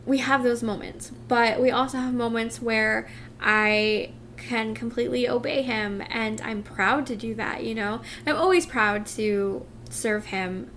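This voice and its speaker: Slow, emotional higher-voiced woman vlogger. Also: a bit bright, slight background noise. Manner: heartfelt, rambling, many fillers and restarts. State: emotional, close to tears. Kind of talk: casual confessional vlog.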